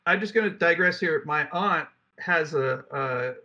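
On a dull lo-fi microphone, a young podcast co-host with a slightly high, sharp voice speaks at a measured pace. He rambles and jokes, reading facts aloud before riffing on them.

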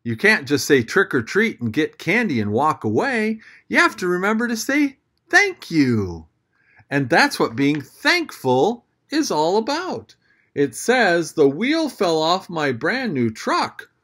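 Slow, lively storyteller reading to kids. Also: mid-range voice. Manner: animated, gasping, talks directly to kids. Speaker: children's church storyteller. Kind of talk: reading a picture book aloud to children.

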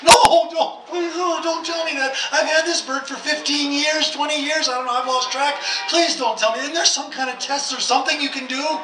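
A man's voice: very high-pitched, steady tone, brisk, few pauses, background noise, pitched above the performer's own voice. A man voicing a distraught woman who begs the vet to save her dead parrot, pleading in a raised voice. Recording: distant roomy recording under a tent.

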